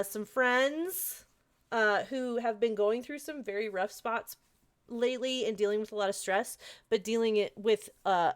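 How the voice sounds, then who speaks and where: A woman's voice: a little high, smooth. A woman streaming a game live, chatting casually and gushing over her chat. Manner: bubbly, gushes over chat.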